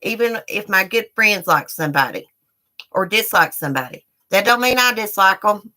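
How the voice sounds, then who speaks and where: A woman's voice: medium pitch, animated, moderate pace, sharp tone. Fired-up middle-aged woman ranting on stream. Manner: heated, profane, talks straight to viewers. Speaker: YouTube live streamer. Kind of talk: angry live-stream rant.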